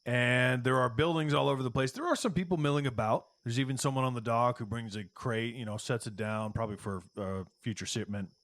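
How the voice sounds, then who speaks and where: A man running a tabletop game as game master, describing scenes casually with halting fillers. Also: medium pitch, a bit bright, no room sound.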